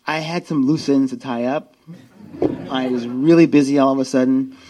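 A man's voice: mid-range voice, steady tone, moderate pace, warm tone. A man in his fifties speaking at a recovery meeting, telling a self-mocking story with a wry edge and acting out both sides of the dialogue. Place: meeting room.

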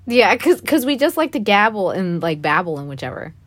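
A woman's voice: medium pitch, big pitch swings, fairly quick. A woman co-hosting a podcast in casual chat, giggly and full of banter. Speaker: podcast co-host.

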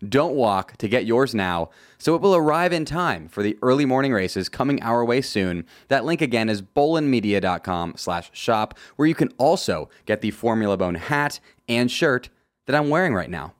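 A man's voice: medium pitch, animated, moderate pace, dry recording, clean studio sound. A man hosting a solo motorsport podcast, reading from a script with jokey, self-deprecating asides. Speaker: podcast host.

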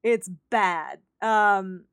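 A woman in casual chat about a movie, animated, swearing and acting out quotes. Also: medium pitch, drawn-out words, smooth, no echo, clean studio sound.

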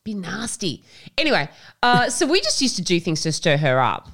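A woman chatting on a podcast, her voice swinging up and down as she tells stories. She swears freely, laughs often, and rushes through the funny parts in quick bursts. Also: lowish voice. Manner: animated, fast bursts. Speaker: podcast co-host. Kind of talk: casual chat.

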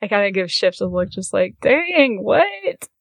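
A woman takes part in a tabletop role-play, casual and playful in her speech. Her voice sits at a middle pitch with a dry, close sound. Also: level tone, fast, no echo. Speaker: player.

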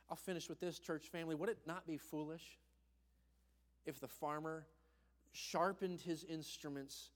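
Young male pastor, high-pitched, narrative sermon with animated quoted voices and hushed reflective passages. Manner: storytelling, acts out quoted voices with big pitch jumps; drops to a soft, low voice for tender points.

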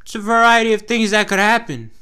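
A man's voice: high voice, animated, brisk, sharp tone, clean tone. A young man from Texas with a Texas twang, chatting to his viewers in a loose, rambling, profane way. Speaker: vlogger. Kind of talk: casual rambling chat to camera.

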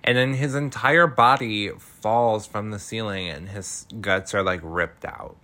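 A man with a lowish voice recaps a film at an unhurried pace. He is chatty and laughs often, swearing freely and filling pauses with "um.". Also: steady tone, pushed and bright.

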